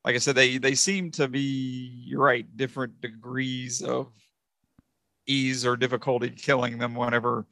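A man co-hosting a casual movie review chat, talking in halting bursts full of fillers and restarts. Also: medium pitch, level tone, vocal fry, bright, forceful tone, dry recording. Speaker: podcast co-host.

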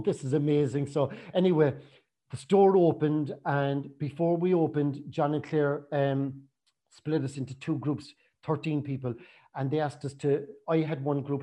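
A man tells a long personal story in a loose, chatty manner, slipping into the voices of the people he quotes. His voice sits a little high for a man but sounds mellow and warm rather than bright. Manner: chatty, animated retelling with acted quotes.

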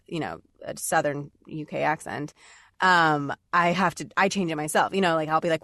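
A woman's voice: sits low, steady tone, a little fast, fairly bright tone, dry recording, studio quality. A woman voice actor chatting casually on a podcast, filling her talk with "like"s and frequent laughs. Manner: chatty, many "like"s, laughs often. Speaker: voice actor and demo writer, guest.

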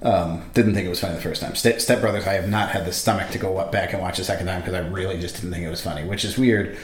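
A man chatting casually and profanely, getting animated when he retells scenes. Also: low voice, fast, echoey room, slight background noise. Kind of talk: casual chat.

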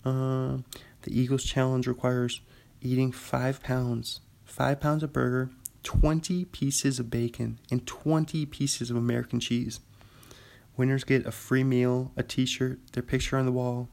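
A man's voice: medium pitch, flat delivery, unhurried, gravelly, darkish tone. A young man from Washington state hosting a podcast in a casual, rambling solo chat, often laughing. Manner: rambling, chatty, laughs easily. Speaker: podcast host.

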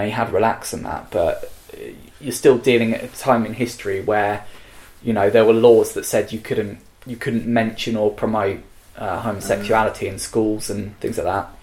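A man's voice: on the low side, a little mellow. A man giving thoughtful, reflective commentary in a casual music chat. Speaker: podcast co-host reviewing songs.

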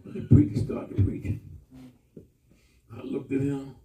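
A male pastor giving a testimony sermon, telling his story with animated shouts and laughter. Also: very high-pitched, measured pace, a crowd in the background. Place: church hall with congregation. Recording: echoey room, far from mic.

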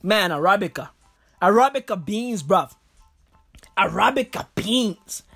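A woman's voice: medium pitch, animated, a little slow, creaky, a bit bright, breathy edge, soft background music. A woman hosting a podcast from a recording booth, with a stuffy, blocked nose, ranting in a profane, rambling, slangy way. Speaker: podcast host. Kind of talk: comedic rant.

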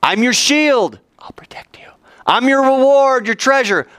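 A man voicing God, speaking in a slow, emphatic and reassuring way. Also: very high voice, expressive, a bit bright, no room sound, voice pushed up, full character voice. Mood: solemn. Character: God, a reassuring almighty male voice.

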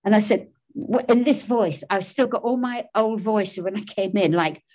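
A woman's voice: mid-range voice, moderate pace, darkish tone, dull audio. A middle-aged woman giving a personal recovery testimony, candid and self-mocking, laughing often as she talks. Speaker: speaker sharing recovery story.

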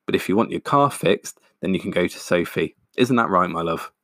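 A man's voice: low voice, lively intonation, brisk, a bit bright, dry recording, clean studio sound. A man voicing an eager, overly earnest middle-aged dad who talks in an effusive, apologetic way.

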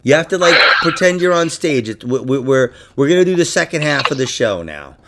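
A man hosting a podcast in casual chat, profane and animated, laughing through his asides. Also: fairly high pitch, a little fast, background noise. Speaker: podcast host.

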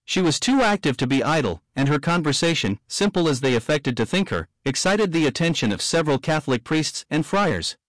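Male audiobook narrator, slightly high voice, steady plain delivery of archaic text. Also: a little fast, hardly any pauses, no room sound, poor audio. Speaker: reader. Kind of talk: audiobook reading of old text.

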